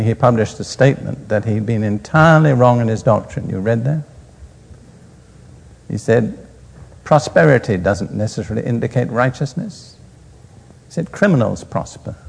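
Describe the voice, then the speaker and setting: A man's voice: mid-range voice, vocal fry, darkish tone, slightly rough. A man preaching a sermon, reading scripture aloud and then explaining it in plain words, recorded in a reverberant hall.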